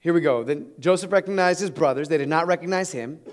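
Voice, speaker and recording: A man preaching a sermon, retelling a scripture story in an animated, conversational way with chuckles. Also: fairly high pitch, quick pace. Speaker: pastor.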